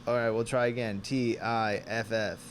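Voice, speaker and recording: A man in his twenties co-hosting a casual comedy podcast, joking, laughing often, and reading aloud haltingly. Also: on the low side, flat delivery, slight background noise. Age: 20s. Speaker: podcast co-host.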